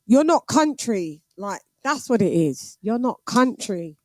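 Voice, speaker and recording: A woman hosting a casual chat, teasing her guest in quick back-and-forth. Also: mid-range voice, very animated, dark tone, dry recording. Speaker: host.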